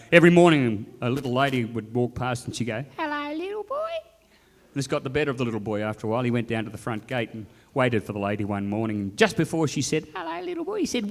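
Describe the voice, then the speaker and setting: A man's voice: mid-range voice, fairly bright tone, big-room sound. Bawdy man telling jokes. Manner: bawdy, swearing, blokey banter. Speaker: stand-up comedian. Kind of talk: live stand-up joke telling. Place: theatre stage.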